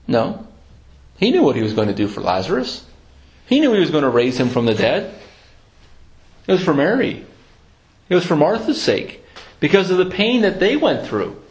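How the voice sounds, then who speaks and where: An earnest man delivers a reflective sermon in a fairly high voice. He lingers over each scripture quote before returning to his own words. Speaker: preacher.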